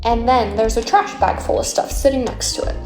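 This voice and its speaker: A woman casually recounting a story for a storytime video, incredulous and animated. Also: on the high side, a little fast, soft background music. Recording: echoey room.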